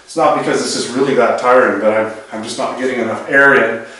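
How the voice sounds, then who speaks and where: Home exercises are demonstrated by a man over forty with a mid-range, steady voice that is bright and forceful, and he talks fast. Slightly winded as he moves, this fitness instructor keeps up loose, chatty commentary with restarts. The distant camera audio picks up heavy room echo.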